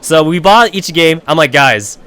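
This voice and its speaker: Young man, streamer, casual storytelling, profane, rambling, animated, fairly high voice. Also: brisk, smooth.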